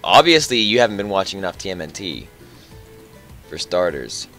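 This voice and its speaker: A man's voice: deep voice, sing-song, moderate pace, pushed and bright, faint music behind. A man hosting a casual let's-play, joking and thinking aloud as he plays. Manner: playful, joking, thinking aloud while playing. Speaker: gaming channel host.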